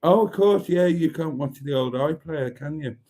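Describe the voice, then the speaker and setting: A man's voice: a little high, normal speed, mellow. A man hosting a casual livestream, chatting affectionately and reading out viewer comments. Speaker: livestream host.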